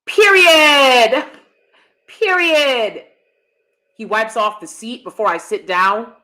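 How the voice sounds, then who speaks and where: A woman's voice: mid-range voice, steady tone, normal speed, pushed and bright. A woman in her thirties hosting a live stream, giving blunt, emphatic and sassy commentary to her audience. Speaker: host.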